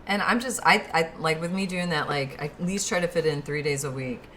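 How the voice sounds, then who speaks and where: A woman host chatting casually, hesitant and halting as she asks questions. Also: sits low, sharp tone, slight background noise. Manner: hesitant, halting, many restarts and fillers. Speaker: podcast host. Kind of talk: casual chat.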